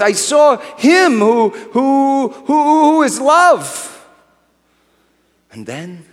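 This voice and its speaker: An actor playing aged Simeon in a dramatic first-person monologue, impassioned and rising to shouts. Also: male voice, sits high, full character voice. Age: older. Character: aged devout man, weary then awestruck. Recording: reverberant hall.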